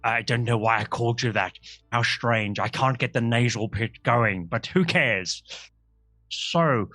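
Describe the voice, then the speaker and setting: Theatrical gnome guy, hammy, drawn-out, a man doing the voice. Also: mid-range voice, fairly bright tone, dry recording. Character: melodramatic male gnome performer, wailing.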